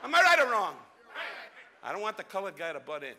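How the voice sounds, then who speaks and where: A man's voice: sits high, huge pitch swings, a little fast, a faint crowd. A man doing live insult comedy on stage, brash and abrasive as he barks jabs at the audience. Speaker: stand-up comedian. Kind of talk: live insult crowd work. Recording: archival live show recording with noisy room.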